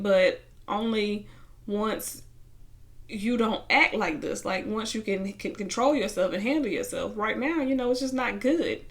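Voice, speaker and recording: A young woman casually recapping a reality show, retelling scenes and acting out what people said. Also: medium pitch. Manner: animated retelling, acting out quotes, bursts of laughter.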